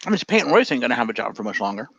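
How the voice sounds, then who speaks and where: A man co-hosting a casual podcast, throwing in quick, opinionated asides. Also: medium pitch, big pitch swings, vocal fry, a bit bright, breathy edge, no room sound, highs cut off. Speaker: podcast co-host. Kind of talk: casual chat.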